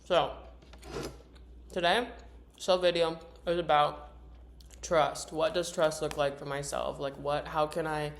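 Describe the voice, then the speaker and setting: Low-voiced young woman musing aloud. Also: little pitch movement, measured pace, gravelly, a little hiss or hum. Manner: casual, rambling, talks while eating; reads questions from her journal. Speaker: vlogger. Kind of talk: reflective personal vlog.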